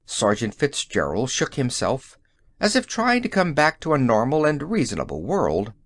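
Expressive male audiobook narrator. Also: medium pitch, normal speed, no echo. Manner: expressive, swinging storytelling delivery. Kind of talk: scripted narration of a science fiction story.

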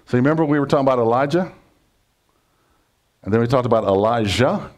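Pastor, male, chatty sermon full of questions to the room, medium pitch. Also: expressive, fast talker. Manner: conversational, jokey, asks congregation questions.

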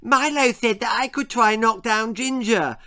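A man's voice: extremely high pitch, a little slow, sharp tone, pitched above the performer's own voice, exaggerated voice. A man reading aloud, voicing a small weepy girl who lisps and wails. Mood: eager. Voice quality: lisp. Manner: tearful, wailing.

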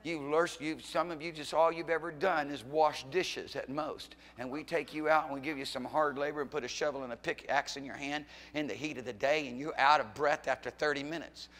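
Fiery preaching pastor in a reverberant church. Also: male voice, a little high, steady tone, brisk, few pauses. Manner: preaches with sudden swings from loud to quiet, teasing questions. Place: church sanctuary. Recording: long hall reverb in a church.

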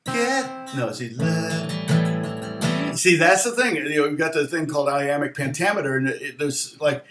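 A man's voice: a little high, fairly quick, roomy sound. A middle-aged man hosting a casual livestream guitar lesson, rambling with fillers and laughs.

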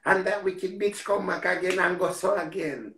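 A man with a Jamaican accent telling a story in a casual, animated way, repeating words and swearing freely. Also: high-pitched, moderate pace, roomy sound, slight background noise.

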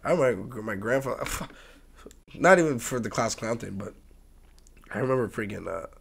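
A young man chatting casually as a podcast guest, swearing freely and swinging from soft talk to loud, laughing bursts. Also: medium pitch, lively intonation, normal speed, vocal fry, breathy edge. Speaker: guest, music producer and tattoo artist.

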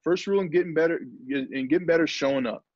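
A former pro football player speaking energetically and emphatically in a motivational talk over a video call. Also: male voice, a little high, fast talker, no room sound. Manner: energetic, emphatic, acts out quotes. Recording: dull lo-fi video call audio.

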